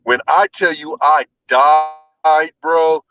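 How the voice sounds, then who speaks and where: A man's voice: on the high side, fairly even intonation, slow pace, fairly bright tone. A man hosting a casual podcast, telling rowdy, profane stories with a "bro" in nearly every sentence. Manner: profane, rowdy storytelling, says "bro" constantly. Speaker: podcast host. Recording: dull, dry lo-fi sound.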